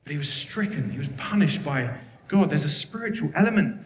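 A man's voice: a little high, lively intonation, brisk, a little hiss or hum. A man preaching a sermon, earnest and emphatic, rattling off scripture references. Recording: echoey hall with long reverb.

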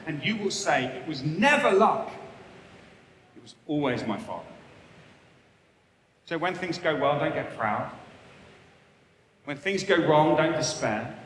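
A man's voice: on the high side, fairly bright tone, slight background noise. A man preaching a sermon, earnest and emphatic, repeating short phrases for weight. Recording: echoey hall, faint ambience.

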